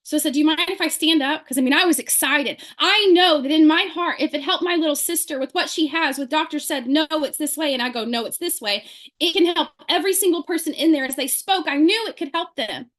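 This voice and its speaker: A woman telling an animated story to a group, acting out the people she quotes. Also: high voice, fast talker, few pauses. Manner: lively, acts out quoted people in her story. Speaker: speaker sharing a testimonial.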